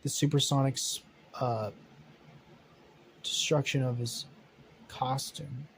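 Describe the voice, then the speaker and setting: A man's voice: mid-range voice, fairly even intonation, slow, a bit bright, slight background noise, poor audio. A man casually narrating an improvised superhero story, rambling with many fillers, self-corrections and swearing.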